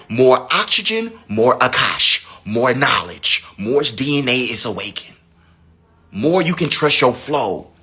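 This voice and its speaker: A man speaks, his voice husky yet bright. He teaches in a casual, preachy way, swinging from raised high pitches down to low, hushed stretches. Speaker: spiritual teacher. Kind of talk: casual spiritual talk.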